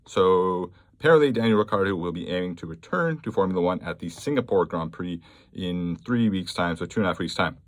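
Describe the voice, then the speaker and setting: A man with a somewhat low voice hosts a casual solo podcast. He talks in a blunt, offhand way, reading news aloud with plenty of fillers. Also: lively intonation, brisk, no room sound. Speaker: podcast host.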